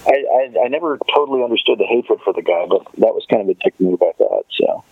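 A man's voice: fairly low pitch, lively intonation, fast, slightly rough. A man hosting a podcast in loose, rambling casual chat, swearing now and then. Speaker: podcast host. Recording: tinny phone-like line.

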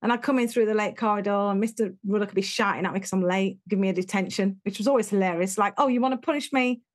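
A middle-aged woman with an English accent, sharing her own story as an interview guest. She talks frankly and with a lot of life, slipping into the voices of people she quotes. Her laughs come quickly between tough memories. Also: mid-range voice.

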